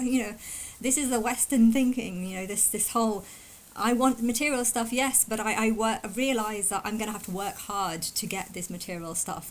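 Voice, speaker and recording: A woman vlogger talking fast in a casual, emphatic and indignant opinion monologue. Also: on the high side, rough recording. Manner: fast talker.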